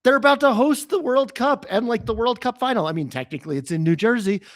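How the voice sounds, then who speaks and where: A man with a fairly high voice co-hosting a political podcast. He talks in an excited, profane rush, piling up one riff after another in loose casual chat. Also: fast, no echo, studio quality. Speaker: podcast co-host.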